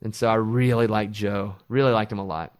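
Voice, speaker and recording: A middle-aged man, a radio host, chatting casually and telling animated stories with quoted voices. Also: on the low side, brisk. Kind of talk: casual chat.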